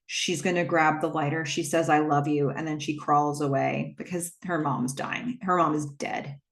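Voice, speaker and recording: Picture a woman with a notably low voice, talking through a movie plot step by step in a relaxed, unscripted way. She strings scenes together with "and then", and now and then drops in an "um" as she goes. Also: moderate pace. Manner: retells scenes step by step with fillers. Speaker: movie recap host. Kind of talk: casual plot recap.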